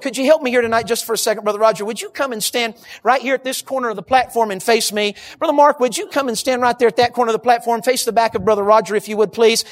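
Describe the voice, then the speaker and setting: A man's voice: extremely high pitch, fairly even intonation, fast talker, few pauses. Male preacher, emphatic, storytelling, sermon, church platform. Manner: storytelling, emphatic, addresses congregation.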